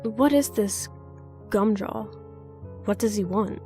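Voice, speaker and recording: A woman's voice: mid-range voice, takes it slowly, a little mellow, soft background music. A woman voicing a frightened, exhausted male traveler who sounds anxious, pleading and defensive.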